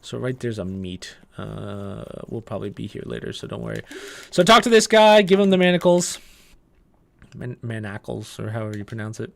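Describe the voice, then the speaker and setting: A young man giving casual gameplay walkthrough commentary, relaxed and chatty, with frequent "uh" and "um" as he explains each step. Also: on the low side, brisk, gravelly. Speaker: gaming guide creator.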